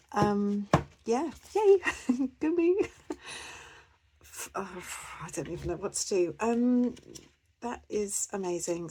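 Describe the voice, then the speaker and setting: A woman's voice: fairly low pitch, background noise. A woman chatting casually to camera as a budgeting vlogger, rambling with lots of fillers and restarts.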